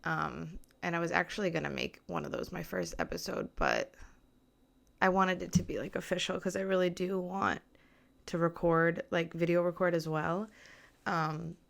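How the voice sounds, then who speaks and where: A young woman talks through her first solo podcast episode, recorded in a small apartment. Her voice sits a little low, and she rambles nervously, packing her sentences with filler words. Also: normal speed, gravelly. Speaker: podcast host. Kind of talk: casual solo podcast chat. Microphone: mic with camera on tripod.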